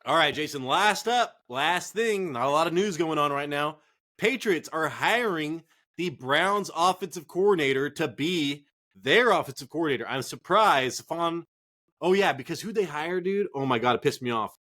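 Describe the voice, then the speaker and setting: A man co-hosting a casual fantasy football chat, profane, excitable and rambling. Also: a little high, normal speed. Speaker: fantasy football podcast co-host.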